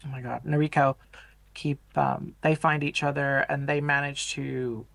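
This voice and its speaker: Measured man recapping a plot, gravelly. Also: mid-range voice, level tone, fairly bright tone, no echo. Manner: measured, explanatory, hesitant fillers. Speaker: podcast co-host. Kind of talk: casual film discussion, plot recap.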